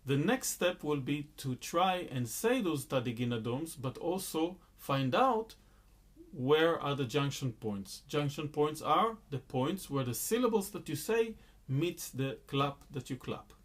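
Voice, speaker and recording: A man's voice: on the high side, sing-song, unhurried. A man teaching a rhythm lesson, explaining patiently and chanting counts and rhythm syllables aloud. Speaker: music teacher.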